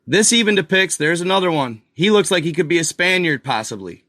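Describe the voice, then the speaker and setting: A man hosting a casual video, excitedly talking viewers through an old map and repeating himself as he points things out. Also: a little high, brisk, dry recording, clean studio sound. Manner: excited, repetitive, addresses viewers as guys and y'all. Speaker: video host. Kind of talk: casual commentary over a map.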